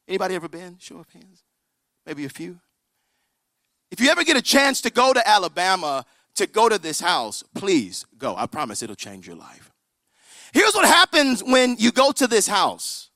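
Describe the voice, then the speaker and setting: Animated, high-voiced male storyteller. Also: moderate pace, no echo, clean studio sound. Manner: animated storyteller, drops to a whisper for drama. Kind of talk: storytelling sermon to a live audience.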